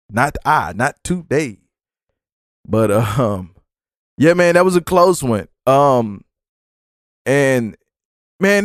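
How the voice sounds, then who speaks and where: A man hosting a podcast, telling stories in a profane, animated, rambling way. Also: medium pitch, no echo, clean studio sound. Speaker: podcast host. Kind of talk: casual storytelling monologue.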